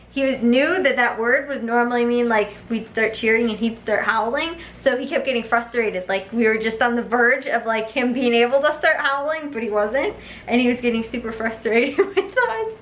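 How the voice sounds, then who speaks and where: A woman's voice: a little high, fairly bright tone. A young woman chatting casually to her camera at home, laughing often and filling her talk with "like" and "um". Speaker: vlogger. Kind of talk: casual vlog chat. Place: home, indoors. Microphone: handheld camera.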